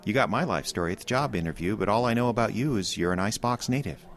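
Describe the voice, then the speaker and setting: An actor playing a mild-mannered former high school teacher turned radio writer in a comedic radio drama, self-deprecating and quick to panic. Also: male voice, expressive. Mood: easygoing. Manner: self-deprecating, growing frantic when worried.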